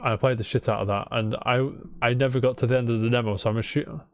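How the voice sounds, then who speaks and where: A man's voice: medium pitch, steady tone, fast. A young British man co-hosting a casual gaming podcast, bantering and swearing now and then. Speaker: podcast co-host. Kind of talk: casual chat.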